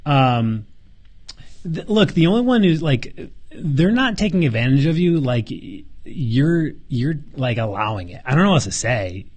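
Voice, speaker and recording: A man of middle pitch hosts a casual live Q&A, answering viewer questions. He talks earnestly and gets fired up, often repeating words as he goes. He peppers his speech with slang and casual swearing. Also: very animated, a little slow, a little mellow.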